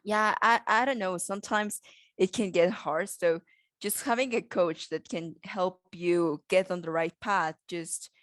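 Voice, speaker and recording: Lower-voiced woman chatting hesitantly on a podcast. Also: measured pace, dry recording, studio quality. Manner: hesitant, many fillers and restarts. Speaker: podcast co-host. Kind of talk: casual business podcast chat.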